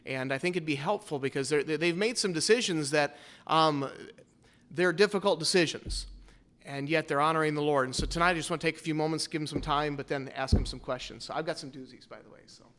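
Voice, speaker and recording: High, bright-toned male pastor, playful and teasing, leading a church service. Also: quick pace, slight background noise. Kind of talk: church service, Bible trivia and introduction.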